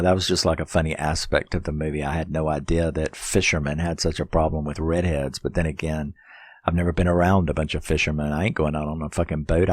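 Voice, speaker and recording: A man's voice: rumbling low, no echo, studio quality. A man casually reviewing a horror film, rambling and swearing as he retells the plot with laughs. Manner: rambling, profane, laughing storytelling.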